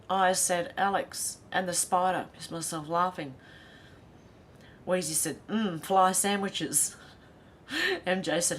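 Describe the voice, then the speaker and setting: A woman with an Australian accent hosts a casual livestream, reading viewer comments aloud and chatting with easy laughter. Her voice is on the low side, and a faint hum and rumble sit under the recording.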